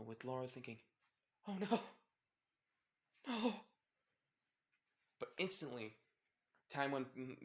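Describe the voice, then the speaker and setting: A man's voice: medium pitch, fairly bright tone. A man telling an improvised fan-fiction story, rambling with fillers and restarts.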